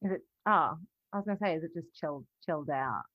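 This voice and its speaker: A woman's voice: deep voice, lively intonation, fast, dull audio. An Australian woman in casual podcast chat, chatty and often laughing, trailing off mid-thought. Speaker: podcast co-host.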